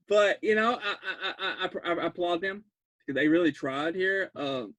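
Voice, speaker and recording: Brief: high-pitched man, dry close mic, laughs through a rambling horror-film recap. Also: no echo. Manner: rambling, laughs often, restarts words; jumps to loud disbelief. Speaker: podcast host recapping a film. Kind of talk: excited casual film recap.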